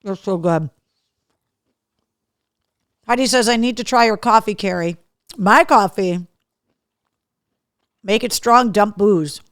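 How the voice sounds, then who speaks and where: A woman's voice: mid-range voice, unhurried, long pauses, fairly bright tone, no room sound, clean studio sound. A woman hosting a live webcast, chatting casually and bluntly, swearing and reading out viewer comments while eating. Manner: chatty and blunt, swears freely, talks with mouth full. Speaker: radio host running a live webcast. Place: small home studio.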